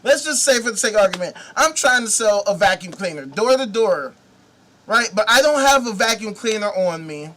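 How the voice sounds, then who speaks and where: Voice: mid-range voice, expressive, normal speed, pushed and bright, slight background noise. A host delivering a profane comedic rant, sarcastic and mocking, swearing freely.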